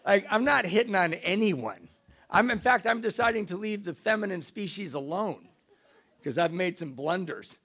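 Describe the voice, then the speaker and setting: A middle-aged man telling a self-mocking recovery story to an audience, in an animated way. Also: high-pitched, normal speed. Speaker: speaker sharing recovery story.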